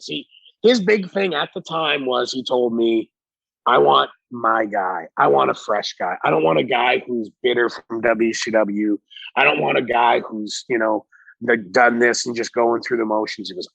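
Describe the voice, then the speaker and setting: Middle-aged male guest, gravelly husky voice; lively profane raconteur, dry close mic. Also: medium pitch, no echo. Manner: animated, profane, acts out quotes. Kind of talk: casual storytelling. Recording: dull lo-fi recording.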